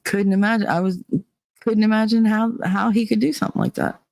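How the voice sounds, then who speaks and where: Chatty New woman, mid-pitched, emotional storyteller, dry close mic. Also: brisk, vocal fry, no room sound. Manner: animated, emotional, acts out quotes. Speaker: streamer. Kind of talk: casual storytelling chat.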